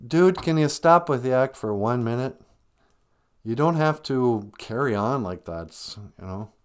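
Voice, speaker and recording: A man's voice: mid-range voice, expressive, a little slow, clean tone. A man hosting a comedic podcast, talking in a casual, playful way. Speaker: podcast host.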